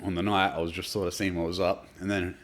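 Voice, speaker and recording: An Australian man in casual podcast chat, telling animated anecdotes and swearing freely. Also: sits low, quick pace. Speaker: podcast guest, artist.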